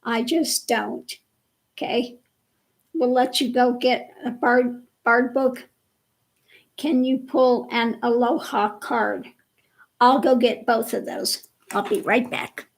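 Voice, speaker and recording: A woman hosting a casual livestream chat with viewers, slow and chatty, laughing often, with her voice a bit worn. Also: fairly high pitch, fairly even intonation, gravelly, low-quality recording. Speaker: livestream host.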